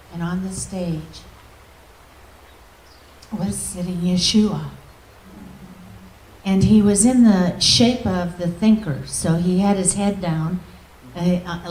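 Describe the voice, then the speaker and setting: A woman minister telling an emotional testimony in a storytelling manner, often dropping to a soft, near-whispered voice. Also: on the low side, a little hiss or hum. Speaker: guest minister. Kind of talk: testimony preaching. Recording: echoey hall, distant mic.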